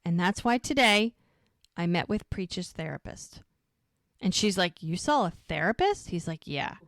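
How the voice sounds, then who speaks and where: A woman's voice: lowish voice, animated, a little slow, a bit bright, dry recording, studio quality. A woman co-hosting a casual rewatch podcast, recapping episode scenes and acting out the dialogue. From United States. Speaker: podcast co-host.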